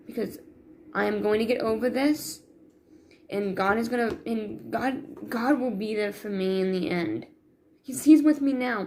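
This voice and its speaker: A woman's voice: medium pitch, slight background noise. A woman talking to her viewers in a rambling, self-critical confessional vlog, full of restarts and sighs. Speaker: vlogger.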